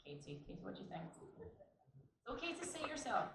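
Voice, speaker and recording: A British woman moderating a convention panel, upbeat and quick to laugh. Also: fairly high pitch, sing-song, a bit bright, far from the mic, slight background noise. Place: large convention hall. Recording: echoey hall recorded from the audience.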